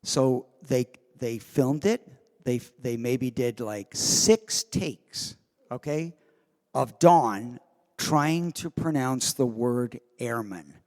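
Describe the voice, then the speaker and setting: A man, the guest of honor at a convention, telling an animated, self-amused anecdote from the stage of a convention hall. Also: mid-range voice, takes it slowly. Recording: long hall reverb.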